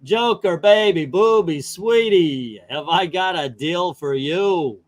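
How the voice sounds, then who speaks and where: A man's voice: sits high, animated, voice pushed up. A schmoozy showbiz devil, as a man puts him on. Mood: schmoozing. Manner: schmoozy lounge patter, drawn-out endearments. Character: slick smooth-talking male devil, showbiz schmoozer. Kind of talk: comic book read-aloud.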